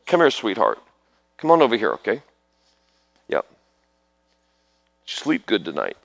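A man's voice: on the low side, wildly swooping pitch, unhurried, creaky, dry recording. A man preaching at an altar call, calling people forward and praying over them in sudden fervent bursts. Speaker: preacher leading prayer ministry.

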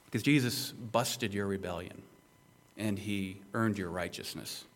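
A man's voice: on the low side, a little slow. A male pastor preaching an expository sermon, emphatic and conversational, with rhetorical questions to the listeners.

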